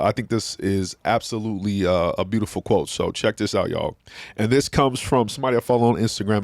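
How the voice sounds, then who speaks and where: Animated man hosting a talk show. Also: mid-range voice, no room sound, studio quality. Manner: animated, preachy, slangy, acts out quotes. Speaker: podcast host. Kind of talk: casual talk show discussion.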